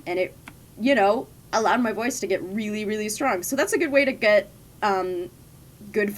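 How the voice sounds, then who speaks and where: A woman's voice: mid-range voice, slight background noise. Chatty young woman streamer, rambling. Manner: rambling, chatty storytelling with frequent laughs. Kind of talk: casual chat while gaming.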